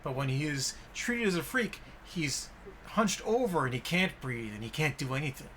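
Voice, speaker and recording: A man hosts a casual film podcast, his voice bright and forward. He retells scenes with animated enthusiasm, acting out bits of dialogue. Faint hiss sits under the recording. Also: a little high, moderate pace. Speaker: podcast host.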